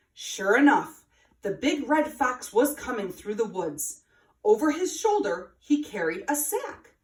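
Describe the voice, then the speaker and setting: A woman reading a children's story aloud with an expressive, sing-song delivery. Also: mid-range voice, far from the mic. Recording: roomy, from afar.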